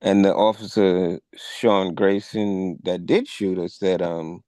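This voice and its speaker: Low, slow-talking man retelling a story. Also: steady tone, mellow, dry recording. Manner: measured storytelling, acts out quoted officers with raised voice. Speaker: podcast co-host. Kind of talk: conversational retelling of a news story.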